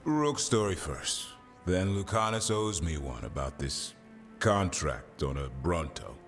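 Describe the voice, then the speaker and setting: An actor playing a gruff male veteran fighter telling a monster story. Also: sits low, expressive, unhurried, in a large hall, soft background music. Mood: teasing.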